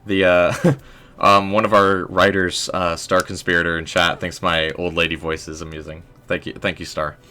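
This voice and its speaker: A young man hosting a casual game livestream, rambling in a relaxed way with lots of "um" and "like". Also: low-pitched, normal speed. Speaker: livestream host.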